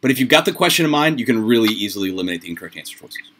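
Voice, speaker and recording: A man's voice: fairly low pitch, animated, fairly bright tone. A man tutoring students for the SAT over a video call, coaching them through answers in an upbeat, chatty way. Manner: upbeat, coaching, quick asides and laughs. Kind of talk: online tutoring session. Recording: noisy online call audio.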